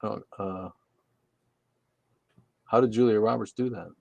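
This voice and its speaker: A man with a somewhat low voice runs a casual livestream from his room, reading viewer comments and firing back sarcastic, swearing jokes. The sound is dry and close, with no room echo. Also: fairly even intonation, unhurried, creaky, darkish tone, lo-fi sound. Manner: sarcastic, joking, swears freely. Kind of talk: casual profane livestream chat.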